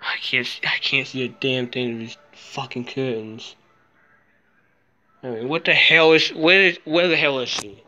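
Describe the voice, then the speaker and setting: A man filming a casual handheld vlog, jittery and muttering to himself, swearing often, sometimes dropping into soft baby talk to a cat. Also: mid-range voice, fairly even intonation, measured pace, dull audio. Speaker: vlogger.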